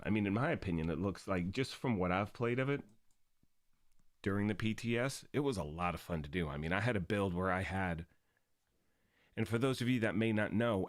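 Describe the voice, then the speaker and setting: A man hosting a gaming live stream in upbeat, casual chat, his voice raspy from the early morning. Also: on the low side, dry recording, clean studio sound. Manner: upbeat and chatty, greeting viewers.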